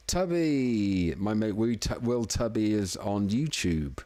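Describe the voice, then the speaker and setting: A man's voice: fairly low pitch, sing-song, takes it slowly, few pauses, a little mellow, no room sound. A man hosting a casual live music-making stream from home, chatty and self-deprecating, a little tipsy. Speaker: livestream music producer host. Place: home room in the evening.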